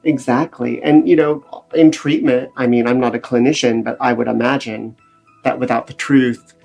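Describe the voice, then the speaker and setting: A man speaking as a guest on a recovery podcast, sharing his experience in an earnest, animated storytelling manner. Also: mid-range voice, moderate pace, creaky, soft background music. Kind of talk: casual podcast interview.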